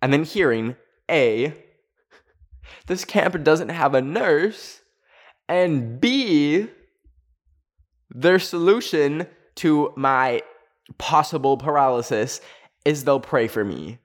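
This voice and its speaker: A man's voice: a little high, expressive, takes it slowly, pauses often. A young man telling a personal story in a chatty vlog style, filling his speech with "like". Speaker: video creator.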